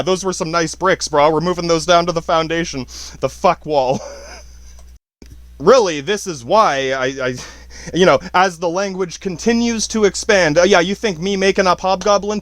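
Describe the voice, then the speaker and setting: A man's voice: a little high, a bit bright, dry recording. A man hosting a podcast, talking in a rambling, profane monologue and laughing often between his points. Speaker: podcast host. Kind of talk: casual monologue.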